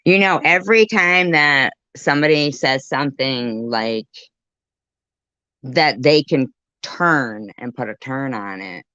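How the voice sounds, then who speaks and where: A woman rambles through casual commentary for her viewers, cursing freely. Her voice is bright and sharp-edged. The recording sounds dull and dry, with no room echo. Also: extremely low pitch, takes it slowly. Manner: rambling, profane, talks to viewers and pets. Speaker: commentary YouTuber.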